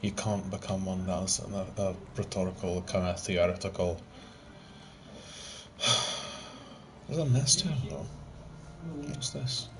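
A young man talks through a gaming session on a headset, cursing and cracking jokes with his friends. His voice sits somewhat low. Game sounds come through clearly behind him. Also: slow pace, pauses often. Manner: sweary, joking, sighs often. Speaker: gamer playing with friends online. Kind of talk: casual gameplay chat. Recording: noisy game capture.

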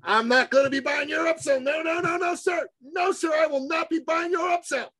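A man doing a pushy, high-pitched workshop guy. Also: moderate pace. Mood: emphatic. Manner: emphatic, repeating himself, half-shouting. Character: insistent seasoned male workshop attendee.

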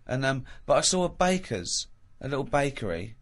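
Man, middle-aged, mocking host, quick to laugh. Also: very animated. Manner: mocking, breaks into high laughter. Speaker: podcast host. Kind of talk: casual chat.

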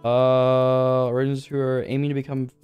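A young man streaming a video game live, reading the on-screen text aloud and breaking into excited, high exclamations. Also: normal speed, clear, resonant tone, dull audio, faint music behind.

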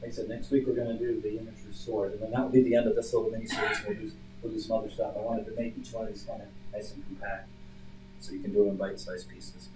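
A man leading a church Bible study as pastor, teaching conversationally and telling stories with lively emphasis. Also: lowish voice, fast. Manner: conversational, storytelling, animated emphasis. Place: church meeting room. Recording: echoey room from far off, faint hum.

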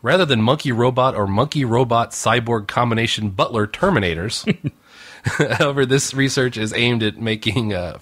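A man's voice: mid-range voice, a bit bright. A man co-hosting a podcast, reading out news stories and joking in an easygoing, dry way. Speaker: podcast co-host. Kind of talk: casual joking news chat.

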